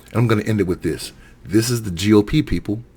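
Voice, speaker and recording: A middle-aged political commentator from Alabama, USA, delivers a heated solo rant, frequently repeating and correcting himself. His voice is lowish, warm, and husky, and he talks quickly.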